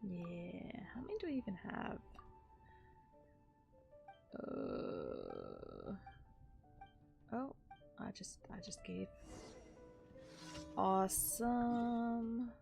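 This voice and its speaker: A woman game streamer chats along as she plays, tired and low on energy. Her delivery rambles and drifts, sliding up and down in a lively, slow way with a gravelly edge. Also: soft background music. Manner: low-energy, rambling, apologetic about yawning. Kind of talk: casual gameplay chat.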